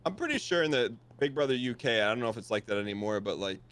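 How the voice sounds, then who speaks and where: A man's voice: medium pitch, expressive, fast, fairly bright tone, smooth. A man chatting casually on a gaming stream, asking curious questions.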